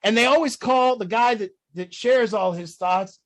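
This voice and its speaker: A high-voiced man leads a recovery group talk. He is blunt and profane, pushing his listeners with rhetorical questions and getting louder and higher when he is worked up. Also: moderate pace. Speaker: group leader.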